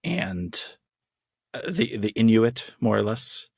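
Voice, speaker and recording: A man's voice: lowish voice, sing-song, slow pace, creaky, breathy edge, dry recording, studio quality. A man co-hosting a podcast, chatting casually and enthusiastically with many restarts. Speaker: podcast co-host. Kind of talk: casual chat.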